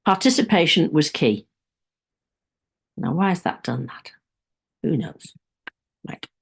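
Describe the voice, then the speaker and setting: A woman leads a music teachers' webinar in a low-set voice that leaps around in pitch. She talks chattily and keeps breaking into little sung and whispered demonstrations. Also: sing-song, slow, vocal fry, slightly rough.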